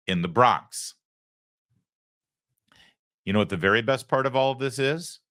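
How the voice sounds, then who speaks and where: Male talk host, punchy sarcastic monologue, bright forceful voice. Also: fairly low pitch. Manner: sarcastic, emphatic, plays clips and breaks them down. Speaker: political talk show host. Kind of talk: opinion monologue.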